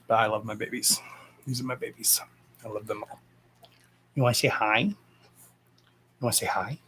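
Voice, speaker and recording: A man's voice: fairly low pitch, steady tone, moderate pace, long pauses, fairly bright tone, a little hiss or hum. A man hosting a casual live stream, talking bluntly and with plenty of swearing, and breaking off to speak to his dogs. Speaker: live-stream host and dog owner.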